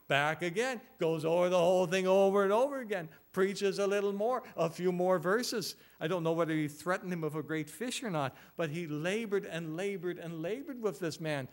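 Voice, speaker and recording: A man's voice: high voice, moderate pace, hardly any pauses. A man preaching an expository sermon as pastor, earnest, asking rhetorical questions and repeating phrases for emphasis.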